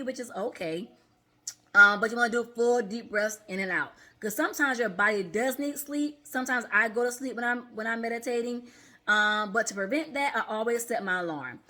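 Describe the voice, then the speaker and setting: Bright-voiced woman coaching on breathing. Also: a little high. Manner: conversational, often checks in with "okay?"; demonstrates breathing aloud. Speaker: therapist and mindfulness coach. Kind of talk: casual instructional vlog.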